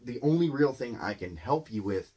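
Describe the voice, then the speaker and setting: A man's voice: medium pitch, expressive, moderate pace, darkish tone, husky. A man giving a casual, rambling English lesson, often repeating and restarting words. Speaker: English teacher.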